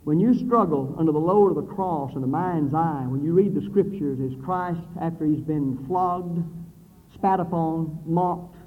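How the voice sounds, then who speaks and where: High-voiced preacher in an echoing hall. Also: male voice, a little slow. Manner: dramatic, swinging between loud declaiming and low hushed passages. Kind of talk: sermon. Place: church building with brick wall. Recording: phone-like thin sound in a reverberant hall.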